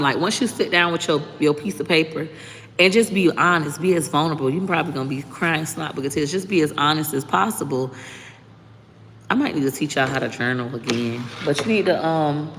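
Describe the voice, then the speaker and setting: A woman, hosting a casual livestream. She talks in a frank, profane, animated way, like telling stories to friends. Her voice carries a long reverb with faint noise behind it. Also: low voice. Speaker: livestream host giving life advice.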